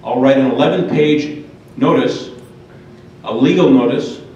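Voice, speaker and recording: A man's voice: medium pitch, measured pace, darkish tone. Man, public forum speaker, emphatic, addresses the audience, far from the mic, muffled lo-fi sound. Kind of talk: impassioned public talk. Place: large echoey hall. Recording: dull, echoey, far-off hall recording.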